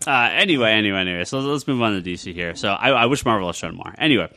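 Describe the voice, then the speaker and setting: A man's voice: on the low side, lively intonation, very fast, sharp tone. A man hosting a casual roundtable podcast, rambling with many ums and likes. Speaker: podcast host.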